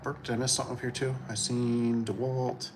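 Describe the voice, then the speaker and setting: A man from Michigan hosting a casual livestream, talking in a relaxed, rambling way and chuckling often. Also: medium pitch, brisk, noisy background. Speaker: livestream host.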